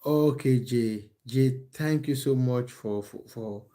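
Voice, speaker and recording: A man's voice: mid-range voice, slow pace, mellow. A man, a football coach, chatting casually on a live stream from his phone at home, answering viewers with many restarts and fillers. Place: at home in England.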